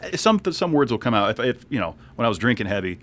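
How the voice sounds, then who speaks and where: A man from New England bantering casually as a podcast co-host, quick and jokey. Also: medium pitch, big pitch swings, a bit bright. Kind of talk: casual chat.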